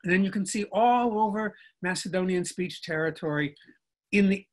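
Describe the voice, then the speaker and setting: With a high-pitched voice at a normal speed, an older linguistics professor lectures as a guest in a virtual conversation. He builds his explanation step by step in a professorial manner and checks in with the people listening.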